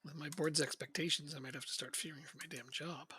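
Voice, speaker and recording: A man's voice: on the high side, steady tone, quick pace, pushed and bright, slight background noise. A man streaming a game, chatting casually and venting his frustration with frequent laughs. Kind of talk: casual gaming chat.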